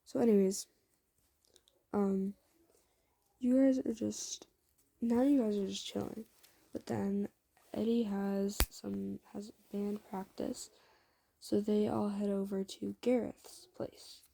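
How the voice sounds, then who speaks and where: A woman's voice: medium pitch, level tone, slow pace, creaky, long pauses, dark tone. A woman improvising a fan-fiction story, rambling casually with many asides and fillers. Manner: rambling, lots of "like", self-commenting.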